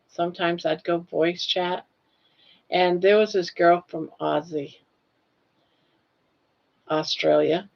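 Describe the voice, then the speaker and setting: The audio is dull, and her voice is lowish and gravelly. An older livestream host, she chats folksily, reading comments from viewers and lingering slowly over their names.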